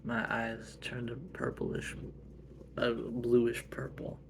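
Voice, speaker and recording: A man telling a family role-play story in a slow, halting, earnest way. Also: mid-range voice, sing-song, vocal fry, slight background noise.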